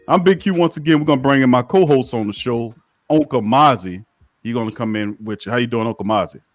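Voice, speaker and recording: A man's voice: mid-range voice, no room sound. Guy hosting sports talk, hyped up, dry close mic, faint music. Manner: energetic, hype, drawn-out phrasing. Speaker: sports podcast host. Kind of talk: casual sports talk show.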